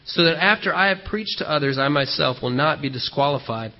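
A man delivers a sermon in a fairly high voice, telling stories in an animated, conversational way with frequent fillers. The church recording sounds dull and lo-fi. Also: brisk. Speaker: pastor.

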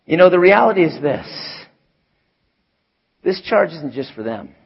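A man preaching a sermon as pastor, animated, moving from hushed asides to shouts. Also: on the high side, a little slow, vocal fry, breathy edge, highs cut off. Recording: long hall reverb.

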